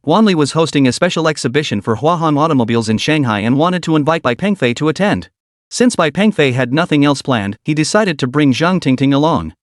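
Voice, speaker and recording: A man narrating a comic story, his pitch fairly high and moving in lively swings. The sound is close and dry, with no echo at all. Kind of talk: scripted narration of a comic recap.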